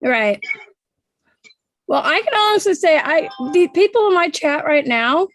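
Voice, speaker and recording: A high-pitched woman from Oregon hosts a casual livestream chat. She talks in loose, chatty bursts with many restarts and laughs. Her voice sounds dry and close to the mic. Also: animated, a little slow, fairly bright tone, no echo. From Oregon, USA. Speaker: livestream host.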